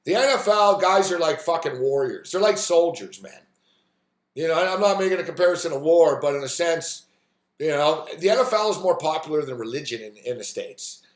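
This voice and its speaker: Animated, profane man ranting on a live stream. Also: fairly high pitch, brisk, roomy sound. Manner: animated, swearing, storytelling with quoted voices. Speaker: sports talk host.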